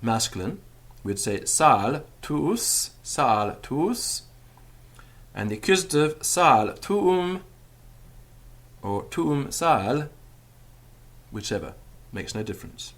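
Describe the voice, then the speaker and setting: A man's voice: slow, pauses often. A man teaching a language lesson, patiently repeating example phrases and explaining grammar step by step. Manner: lively rising and falling pitch. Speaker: Latin teacher.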